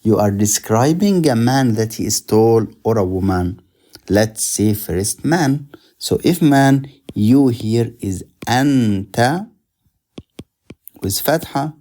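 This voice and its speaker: Guy teaching in english, real slow, warm mellow voice, says words over and over for drilling. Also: mid-range voice. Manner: patient, repeats words slowly for drilling. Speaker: Arabic teacher. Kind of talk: slow explanatory language lesson.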